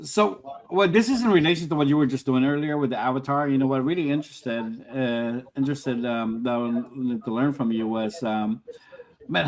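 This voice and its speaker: A man on a video call asking a question in a hesitant, casual way, with many "um"s and "like"s. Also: mid-range voice. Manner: hesitant, full of "um" and "like".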